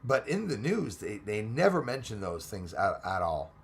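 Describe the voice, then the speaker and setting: A man with a Texan twang hosts a casual live chat, working through viewer comments one after another. His voice carries a gravelly fry, and his talk runs chatty and rambling, with excitable turns. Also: lowish voice, moderate pace. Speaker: livestream host reading chat.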